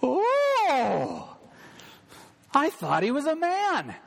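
A man voicing a nervous, startled young girl from a storybook, with his voice raised high. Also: big pitch swings, measured pace, full character voice. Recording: long reverb of a church hall.

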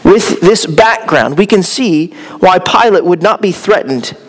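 High-voiced male preacher in a reverberant hall. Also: expressive, measured pace. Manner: earnest expository preaching with occasional stumbles. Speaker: pastor. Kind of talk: sermon.

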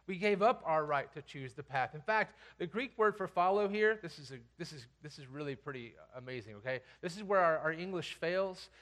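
A man preaching a sermon as pastor, reading scripture aloud and swinging between hushed, intimate passages and loud, emphatic commands. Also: high-pitched.

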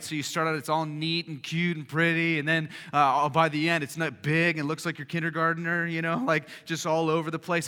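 A man's voice: a little high, bright, forceful tone. A man pastor preaching a sermon, emphatic and conversational with frequent fillers. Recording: reverberant hall.

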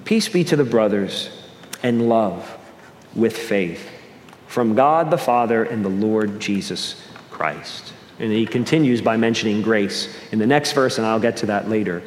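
Earnest pastor preaching in an echoey hall. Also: male voice, fairly low pitch, animated, unhurried, slight background noise. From Northeast US. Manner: earnest, with repeated restarts and shifting pace. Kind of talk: sermon. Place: church sanctuary. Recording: echoey hall with long reverb.

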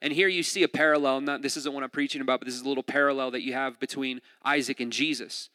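A man preaching a sermon in a lively, conversational way, retelling a scripture story with asides and jokes. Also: mid-range voice, fast. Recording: long hall reverb.

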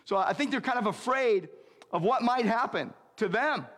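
A man preaching a sermon as pastor, earnest and emphatic, slowing down on key lines and speeding through asides. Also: very high-pitched, lively intonation, fairly bright tone, in a large hall.

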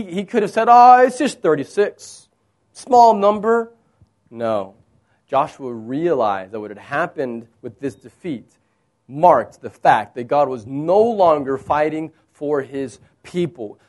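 Man preaching an expressive sermon. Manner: expressive preaching, acts out quoted lines with rising pitch. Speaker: pastor.

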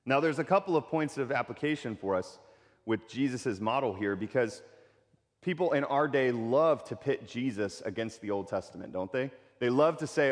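A pastor preaching a sermon in a conversational way, repeating key phrases for emphasis. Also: male voice, mid-range voice, animated, moderate pace, in a large hall.

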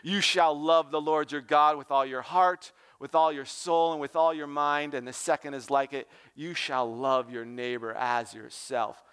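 A calm, solemn Jesus speaks in a dark, deep voice, as a youth pastor puts him on in a sermon. The voice drops well below the speaker's usual register and moves slowly and evenly. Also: male voice, smooth, no echo, clean studio sound.

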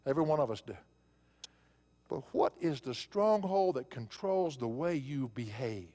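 A man's voice: medium pitch, animated, measured pace, mellow, long reverb tail. A male pastor preaching a sermon, telling a personal story in a conversational way and rising to emphatic preaching.

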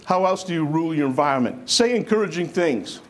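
A man preaching a sermon to a congregation, lively and conversational, acting out the voices of people he quotes. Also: a little high, fairly quick. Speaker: pastor.

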